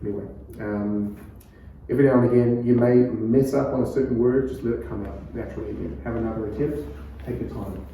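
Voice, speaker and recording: A pastor with a New Zealand accent, teaching a preaching workshop in a calm, conversational way and laughing often. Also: male voice, lowish voice, a little fast, vocal fry, a little hiss or hum. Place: church hall. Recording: echoey room, far from mic.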